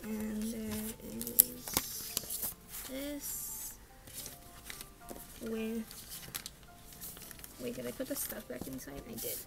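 A young woman vlogger chatting casually through an unboxing, gasping and squealing with excitement. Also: a little high, extremely slow, vocal fry, long pauses, heavy background noise. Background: background music.

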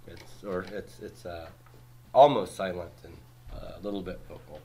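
A man teaching a class, reviewing homework by asking brisk questions and cracking dry jokes. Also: sits low, a little mellow, husky. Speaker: Hebrew teacher.

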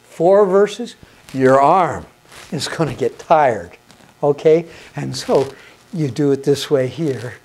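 A man's voice: on the high side, animated, slow pace, darkish tone, breathy edge. A man teaching hymn conducting in an instructional video, patient and encouraging, counting beats aloud and asking questions that he answers himself.

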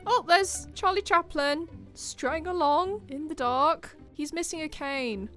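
A high-pitched woman commenting on a life-simulation game in an excitable, giggly, chatty way. She speaks unhurriedly, with faint game music playing behind her. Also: unhurried. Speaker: gaming channel host. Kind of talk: let's play commentary.

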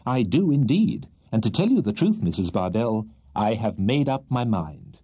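A man voicing a kindly, flustered elderly gentleman in a storybook reading, with a genial, fussy, exclaiming manner. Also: lowish voice, sing-song, normal speed, husky, full character voice.

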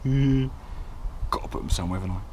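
A man's voice: medium pitch, fast talker, heavy background noise. A man casually talking through a motorbike service step by step, chatty and jokey. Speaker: home mechanic.

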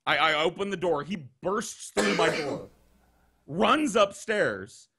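Slow-paced, high-pitched and a bit rough, this man's voice comes through a video call as he guests on a podcast. He tells a crude anecdote, curses freely, and animatedly acts out the voices of the people in his story.

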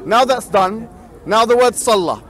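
A man's voice: high-pitched, expressive, unhurried, a bit bright. A man arguing in a heated street debate outdoors, insistent and repeating himself to hold the floor. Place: outdoor public speaking corner in a city park. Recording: outdoor crowd noise behind.

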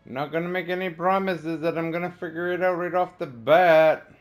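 A man's voice: on the high side, fairly even intonation, moderate pace, soft background music. A man commentating a game as he plays, chatty and rambling, trash-talking the enemies. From Canada. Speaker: let's play gamer.

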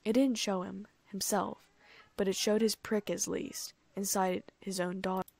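Woman reading a story in a flat voice. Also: mid-range voice, measured pace, vocal fry, no room sound. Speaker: audiobook reader. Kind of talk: fan fiction audiobook narration.

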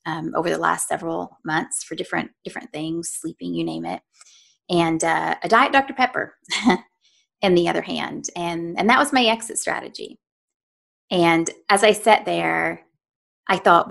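A woman's voice: on the low side, moderate pace, vocal fry, fairly bright tone. A woman guest on a podcast telling a personal story earnestly and conversationally, often voicing her own inner thoughts and checking in with "right?". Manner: frequent "right?" and "you know" asides to the listener. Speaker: podcast guest, nutritionist and life coach.

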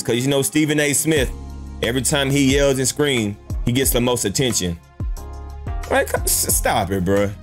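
Brief: casual reaction host, man, lively swooping delivery, incredulous and slangy. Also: mid-range voice. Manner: incredulous, repeats "bruh", rhetorical questions.

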